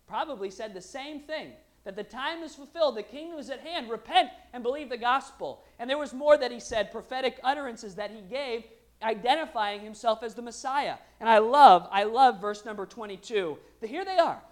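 Woman preacher, chatty sermon with jokes thrown in, voice a bit on the high side. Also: fairly quick. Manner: lively and conversational, with humorous asides.

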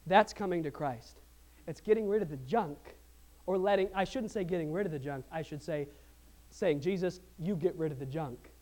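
A male pastor preaching a sermon, telling a parable story in an animated way that swings from hushed to shouting. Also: fairly high pitch, normal speed.

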